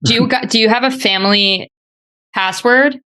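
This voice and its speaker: A woman's voice: fairly high pitch, normal speed, pushed and bright, smooth. A young woman co-hosting a podcast, chatting in a bubbly way. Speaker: podcast co-host. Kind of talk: casual chat.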